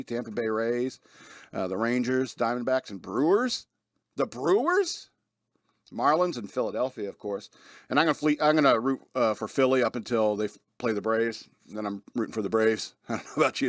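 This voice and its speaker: A man's voice: medium pitch, no room sound, clean studio sound. A man hosting a casual radio talk show, rambling with frequent laughs and restarts. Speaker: host.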